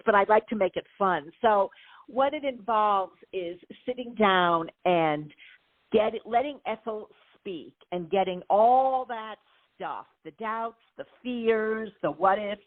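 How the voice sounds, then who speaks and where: A middle-aged woman, a life coach, explaining her methods in a lively way with playful examples during an interview. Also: mid-range voice, no room sound. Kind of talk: interview conversation. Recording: tinny phone-like line, dry.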